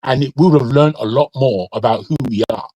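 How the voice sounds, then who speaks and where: A man's voice: mid-range voice, a little fast, dark tone, no echo, poor audio. Blunt nigerian-born guy raised in the uk, heated, cuts in a lot, dry sound. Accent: British English with Nigerian touches. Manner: blunt, swears, repeats words, cuts in. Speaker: discussion panelist. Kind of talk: heated casual debate.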